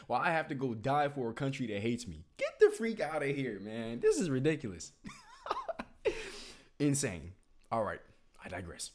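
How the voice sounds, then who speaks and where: A man's voice: mid-range voice, wildly swooping pitch, normal speed. A man hosting a reaction channel, ranting in incredulous casual commentary.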